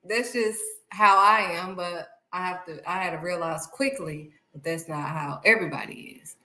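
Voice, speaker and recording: A woman giving a casual, animated faith talk, speaking straight to her viewers. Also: lowish voice, normal speed, roomy sound, poor audio. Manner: animated, acts out excited voices and exclamations; talks straight to viewers, calling them honey. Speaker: faith vlogger.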